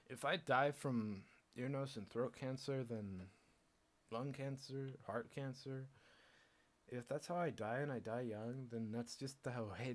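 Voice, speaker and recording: A young man streaming, rambling in a casual monologue, sardonic and swearing freely. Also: medium pitch.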